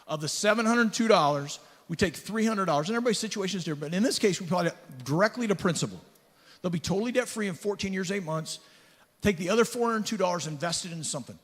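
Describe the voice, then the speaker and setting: A man's voice: high-pitched, a bit bright. A man giving a sales talk at a conference, running through loan numbers and telling stories with acted-out dialogue. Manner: punchy storytelling, acts out dialogue. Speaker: conference speaker. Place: large conference hall. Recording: echoey hall reverb.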